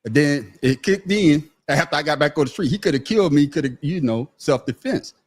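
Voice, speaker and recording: A middle-aged man holds forth on a podcast panel, telling a story in casual chat. He is profane and emphatic, with a voice pitched a little high, and he often repeats his first words before the point comes out. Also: animated, brisk, slightly rough.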